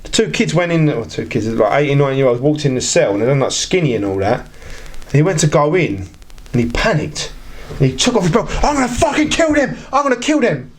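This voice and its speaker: A man's voice: medium pitch, very animated, fairly quick. A man telling rambling stories in a casual podcast chat, acting out other people's lines as he goes. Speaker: podcast guest.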